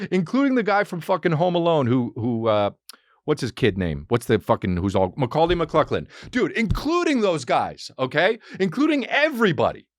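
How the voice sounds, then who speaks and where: A man's voice: high-pitched, no room sound, clean studio sound. A man hosting a podcast, talking in a rambling, profane, comedic monologue. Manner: animated, rambling, heavy swearing. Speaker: podcast host.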